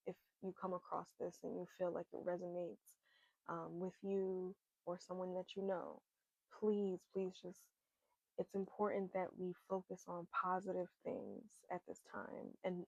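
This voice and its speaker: Woman card reader, unhurried and low, gentle earnest spiritual guidance, dull dry lo-fi recording. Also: vocal fry, dry recording. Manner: gentle, repetitive, earnest encouragement. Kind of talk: oracle card reading, encouraging message.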